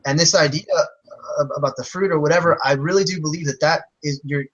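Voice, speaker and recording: A man's voice: a little high, fairly even intonation, quick pace, lo-fi sound. A man in a casual discussion, arguing his case in an emphatic, persuasive, lecturing way. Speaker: vegan advocate in a discussion.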